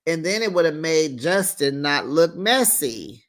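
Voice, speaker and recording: A man hosting a casual TV recap, animated and laughing often as he acts out what people said. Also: fairly high pitch, slow, few pauses. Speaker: TV recap host.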